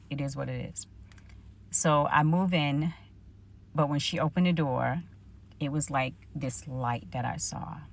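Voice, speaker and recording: A woman's voice: low-pitched, vocal fry. A woman, telling a personal faith story and acting out her own past conversations. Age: 40s. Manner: storytelling, animated retelling of her own dialogue. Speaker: vlogger.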